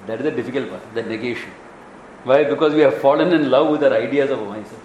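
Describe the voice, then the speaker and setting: Delivering a Vedanta talk in a hall full of echo, this male Indian teacher from Kerala acts out conversations and laughs frequently as he tells his stories. He speaks fast in a mid-range voice. There is a little hiss or hum in the audio.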